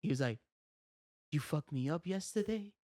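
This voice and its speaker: A man hosting a comedy podcast, telling a story in an animated way, acting out the quotes and laughing often. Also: on the high side, moderate pace, crowd noise. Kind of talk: casual storytelling chat.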